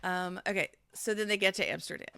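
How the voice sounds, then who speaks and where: A woman co-hosting a podcast in casual chat, retelling a show with animated storytelling and acted-out quotes. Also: fairly low pitch, quick pace, creaky, smooth, dry recording, clean studio sound. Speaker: podcast co-host recapping a reality show.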